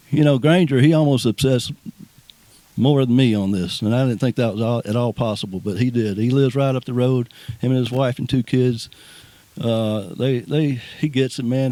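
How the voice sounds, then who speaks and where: A man with a drawl speaks off the cuff at an outdoor ceremony, folksy and rambling, stumbling over repeated words. His voice is dark and mellow with an ordinary pitch. The sound is dry and close, with little echo. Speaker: speaker at a ribbon cutting. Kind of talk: informal outdoor speech. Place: outdoors at a nature preserve.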